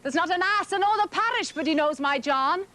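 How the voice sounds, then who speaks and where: Woman voicing a frantic high-voiced mother. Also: expressive, brisk, pushed and bright, full character voice. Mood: pleading. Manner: insistent, pleading. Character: anxious proud mother asking after her sailor son. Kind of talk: dramatic poetry recitation.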